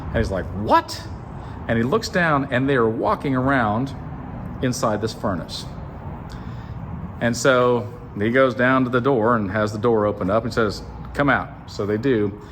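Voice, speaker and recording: A man casually retelling a Bible story as a comedy bit, animated and full of joking asides to the listener. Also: medium pitch, normal speed, noisy background.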